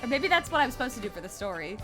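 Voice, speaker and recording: A young woman streamer giving animated, casual let's-play commentary, swearing freely. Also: fairly high pitch, racing, over music. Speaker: gaming streamer.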